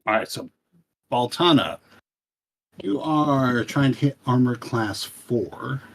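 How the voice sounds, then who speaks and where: A man narrating a tabletop game as game master, unhurried and pausing often with fillers. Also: medium pitch, animated.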